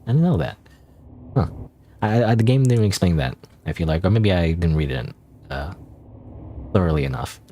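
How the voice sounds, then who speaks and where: A man's voice: low-pitched, lively intonation, moderate pace, long pauses, dark tone, slight background noise. A man streaming a game, thinking aloud in casual commentary with many restarts and hesitations.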